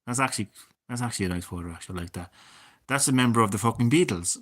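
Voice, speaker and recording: A man in his thirties, chatting casually and swearing a lot as a gaming streamer, drifting between loud remarks and mumbled asides. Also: mid-range voice, racing. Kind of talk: casual rambling commentary.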